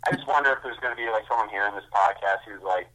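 Deep-voiced man, halting podcast guest. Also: sharp tone, low-quality recording. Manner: halting, peppered with "like". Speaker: guest music critic. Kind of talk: casual music chat.

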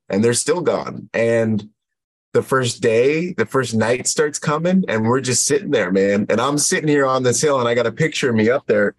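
Husky-voiced man telling a war story. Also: medium pitch, rough recording. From United States. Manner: rambling war story with many fillers and acted quotes. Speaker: podcast guest. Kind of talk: casual storytelling.

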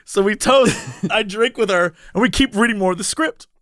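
A young man telling a casual anecdote, animated and laughing often as he talks. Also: high voice, normal speed, no room sound, clean studio sound.

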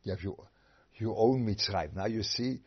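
A man giving an informal Torah lecture, animated and rhetorical, sometimes acting out voices. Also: lowish voice, moderate pace, slightly rough. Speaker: rabbi giving a Torah talk. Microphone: video call. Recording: dull lo-fi video call audio.

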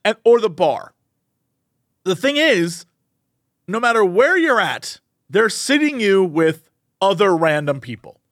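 A man with a high, lively voice that jumps around as he tells a story. He chats casually on a podcast and acts out the people he quotes. The sound is close and dry, with no room around it. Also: a little slow, pauses often, dry recording. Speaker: podcast co-host. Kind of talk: casual chat.

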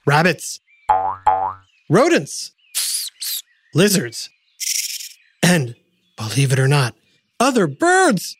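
A woman's voice: low-pitched, wildly swooping pitch, extremely slow, pauses often, husky. Playful woman narrating a kids' science show. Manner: playful, addresses the listener with quiz questions. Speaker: narrator and host. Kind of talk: scripted educational narration for kids.

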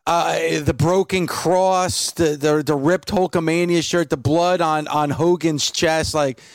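A man co-hosting a podcast, lively as he tells a story. His voice sits fairly high. The room sound is dry. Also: slow pace, no room sound. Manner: animated storyteller. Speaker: podcast co-host. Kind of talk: casual chat.

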